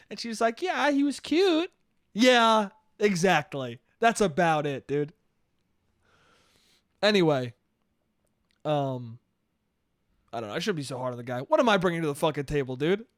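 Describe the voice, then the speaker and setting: A man's voice: a little high, expressive, normal speed, pauses often, no echo, studio quality. A man around thirty rambling through a casual solo podcast, swearing often, mocking himself and laughing at his own stories. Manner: rambling, swearing, self-deprecating, laughs a lot. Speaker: podcast host.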